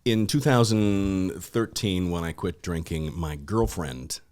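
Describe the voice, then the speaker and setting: A man's voice: sits low, slow, darkish tone. A man who is a podcast guest in a casual chat, laughing often and breaking into impressions.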